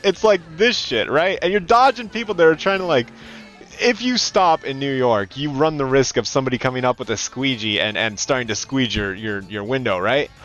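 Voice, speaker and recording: A man from California chatting casually and swearing freely while streaming a game, now and then slipping into loud mocking voices. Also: medium pitch, fairly quick, highs cut off, faint music behind. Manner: animated, profane, slips into loud mocking voices. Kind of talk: casual gaming commentary.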